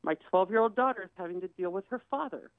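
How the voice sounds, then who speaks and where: A woman's voice: mid-range voice, fast, no echo. Woman guest recounting a hard story, plain and candid, thin lo-fi line. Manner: candid, acts out quoted voices. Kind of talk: personal storytelling on a talk show. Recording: tinny phone-like dry sound.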